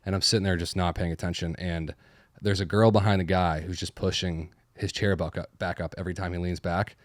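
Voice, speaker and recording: Young dude from massachusetts, lowish voice, swears a lot, telling a wild story, dry sound. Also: male voice, fairly even intonation, brisk, no echo. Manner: profane, self-deprecating storytelling. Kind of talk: casual chat.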